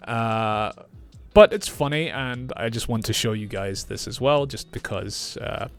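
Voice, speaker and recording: Patient Scottish English teacher. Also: male voice, mid-range voice, expressive, a little slow, faint music behind. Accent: northeast Scottish. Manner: clear, patient, repeats phrases. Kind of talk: reaction video, explaining accents.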